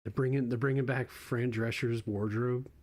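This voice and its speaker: A man's voice: mid-range voice, fairly even intonation, normal speed, darkish tone. Rambling, profane young man. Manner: rambling and profane, with frequent restarts. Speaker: online commentator. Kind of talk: casual reaction commentary.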